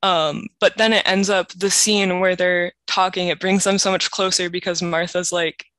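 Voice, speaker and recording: A young woman with a bright, lively tone casually retells scenes from a book as a podcast co-host. She talks in a chatty way full of "like" and easy laughter. The sound is dry and close, with almost no room echo. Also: on the low side, moderate pace.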